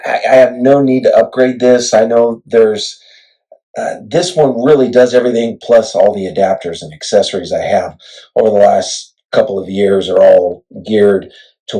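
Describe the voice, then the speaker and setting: A middle-aged man casually vlogging about camera gear, chatty and self-deprecating, retelling his excitement, on a clip-on mic. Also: lowish voice, poor audio. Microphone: wireless clip-on mic.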